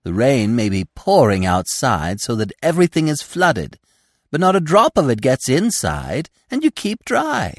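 A man's voice: mid-range voice, huge pitch swings, a little slow, dry recording, clean studio sound, voice pushed up, full character voice. A man voicing a proud, boastful young deer boasting of his winter among people. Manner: boastful, superior.

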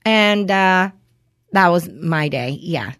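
Animated woman telling a story. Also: on the low side, slow. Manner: animated storytelling, acts out quoted exchanges, swears freely. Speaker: podcast co-host. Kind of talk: casual chat.

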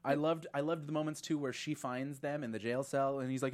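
A woman's voice: a bass voice, brisk. A woman co-hosting a podcast, chatting casually about a show, acting out lines in voices with lots of fillers. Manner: animated, acts out quotes in voices, many fillers. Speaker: podcast co-host. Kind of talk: casual chat recapping a TV series.

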